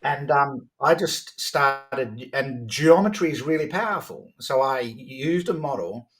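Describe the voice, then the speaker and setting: A man, a podcast guest telling stories about sales in a lively conversational way, often restarting his sentences. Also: mid-range voice. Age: 50s. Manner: animated, quick to act out dialogue, frequent restarts. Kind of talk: conversational storytelling.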